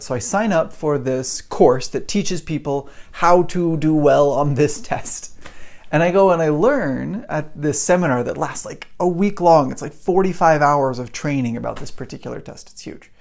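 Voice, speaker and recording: A man in middle age talks through a personal story on his own podcast. He is chatty and animated, and he slips into acting out his own past reactions as he goes. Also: on the high side, normal speed, creaky. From United States. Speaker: podcast host and English teacher. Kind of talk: casual storytelling monologue.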